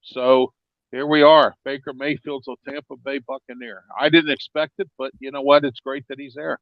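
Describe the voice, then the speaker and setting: Halting man on a dull remote line. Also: medium pitch, level tone, no echo. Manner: halting, uses folksy sayings. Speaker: panelist. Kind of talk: casual sports talk.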